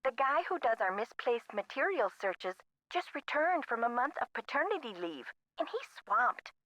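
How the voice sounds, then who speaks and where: A woman's voice: on the high side, very animated, moderate pace, a bit bright, no echo. An actress voicing a friendly female librarian on the phone, with an Upper Midwestern accent and a folksy manner. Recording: muffled phone line.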